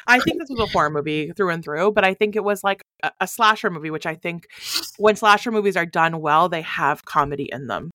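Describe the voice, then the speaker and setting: A woman's voice: fairly low pitch, fairly quick, pushed and bright, no echo, studio quality. A woman co-hosting a podcast, chatting casually about a movie and laughing often. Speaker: podcast co-host. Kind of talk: casual movie review chat.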